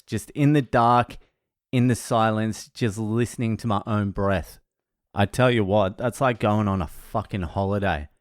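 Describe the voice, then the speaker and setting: A man's voice: lowish voice, no room sound, studio quality. A man swearing through a rambling story. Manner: profane, rambling anecdotes with heavy swearing. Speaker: stand-up comedian. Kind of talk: casual vlog storytelling. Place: home in Australia.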